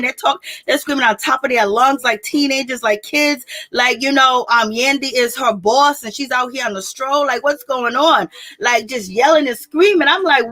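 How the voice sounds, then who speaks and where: A woman with a bright, high voice runs through a reality TV episode in casual recap commentary. She tells it like gossip to a friend, animated and quick to laugh.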